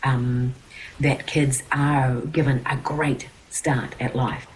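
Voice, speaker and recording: A woman's voice: rumbling low, level tone, slow, slight background noise, low-quality recording. A middle-aged woman, an interview guest speaking earnestly, with many fillers and restarts. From New Zealand. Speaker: guest, children's TV presenter and producer. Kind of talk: interview conversation.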